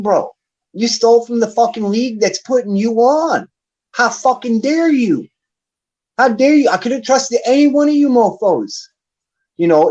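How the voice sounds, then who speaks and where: On a battle rap league stream, the male host launches into a heated, profane rant, angrily calling someone out. His voice sits high with a darkish tone, and the sound is lo-fi.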